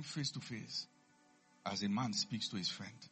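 Male preacher, bright and husky, swings from quiet scripture reading to high shouted preaching, faint music underneath. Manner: reads scripture low and slow, then preaches with rising shouts.

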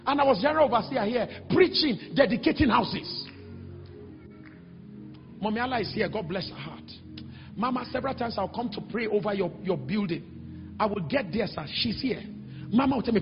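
Nigerian pastor, middle-aged, high gravelly preaching voice, animated storyteller with sudden shouts, echoey hall, dull sound. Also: male voice, fairly quick, music in the background. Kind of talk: sermon with storytelling. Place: large church hall.

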